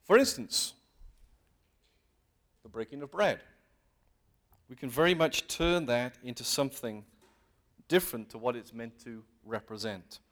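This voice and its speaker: A man's voice: medium pitch, a little slow, pauses often, fairly bright tone. A man giving an earnest sermon to a congregation, often posing questions and pressing his points with emphatic rises. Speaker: lay preacher. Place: meeting hall with congregation.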